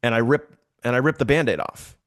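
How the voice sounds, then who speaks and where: Animated man telling a story, dry sound. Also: medium pitch, brisk, dry recording. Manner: animated, repeats phrases for emphasis. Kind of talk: casual storytelling to a team.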